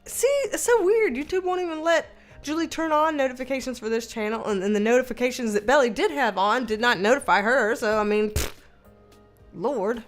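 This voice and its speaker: A young woman hosts a casual livestream, reading viewer comments aloud, chatting, laughing often and swearing now and then. Her voice is a little high and brisk, with soft music in the background.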